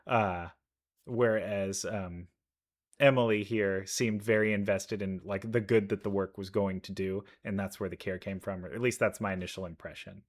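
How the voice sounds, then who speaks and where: A young man casually reacting to game trailers, chatty and quick to laugh, with bursts of excitement. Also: fairly low pitch. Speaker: reaction video creator. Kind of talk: casual commentary while reacting to videos.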